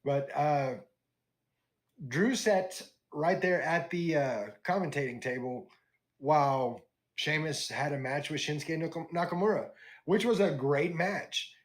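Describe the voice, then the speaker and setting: A man hosting a wrestling podcast, his voice sitting a little high. He tells the week's events in a loose, animated way and slips into the wrestlers' lines as he goes. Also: unhurried. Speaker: podcast host. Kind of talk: casual wrestling recap chat.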